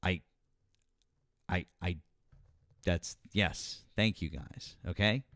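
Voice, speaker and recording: Low-voiced guy hosting a political stream, stammers a lot, dry mic. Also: fairly bright tone, dry recording. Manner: halting, many restarts and fillers. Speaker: political live-stream host. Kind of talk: casual live-stream talk with callers.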